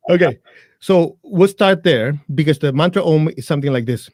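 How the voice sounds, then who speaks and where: A man's voice: fairly high pitch, lively intonation, moderate pace, darkish tone, slight background noise. A man teaching meditation as a guest, explaining in plain blunt words with jokes, then guiding listeners through a chant. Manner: blunt, joking, talks straight to listeners. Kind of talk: guided meditation instruction in a live interview.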